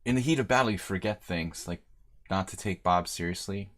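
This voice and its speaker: A man's voice: low-pitched, brisk, fairly bright tone. A middle-aged man streaming a chess game live, thinking aloud and chatting with viewers in a joking, casual way. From United States. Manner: chatty and joking, answering chat mid-game.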